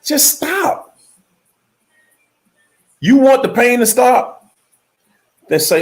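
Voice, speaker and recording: Animated, preachy man on a livestream. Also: very high voice, very slow. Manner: emphatic, preachy, talks straight to viewers. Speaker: livestream host. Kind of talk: motivational livestream talk.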